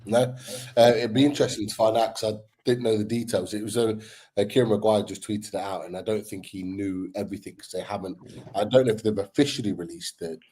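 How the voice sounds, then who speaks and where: A man in casual football chat, relaxed, trailing off with ums as he talks. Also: lowish voice, quick pace, breathy edge.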